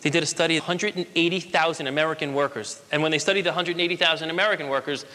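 A man in his late twenties gives an emphatic motivational speech in a large hall, asking the audience rhetorical questions. His voice is a little high with a steady tone and a sharp edge, and he speaks at a racing pace. Long hall reverb trails his words.

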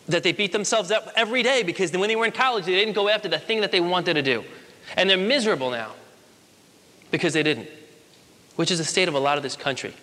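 Fast, high-voiced young man giving a motivational speech. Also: pushed and bright. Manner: emphatic and fast-talking, with rhetorical questions. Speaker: motivational speaker. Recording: long hall reverb.

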